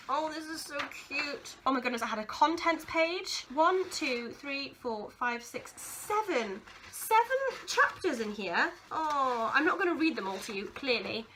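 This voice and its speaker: A young woman chats casually in a vlog, gushing and giggling as she sorts through keepsakes, teary-eyed and sentimental. Her voice sits high with a sharp tone, and there's slight background noise.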